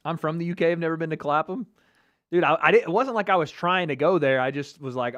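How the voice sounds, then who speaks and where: A man's voice: fairly high pitch, fast talker, fairly bright tone, muffled recording. A man hosting a casual livestream watch party, reading chat comments aloud and joking and trash-talking with lots of laughter. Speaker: livestream host.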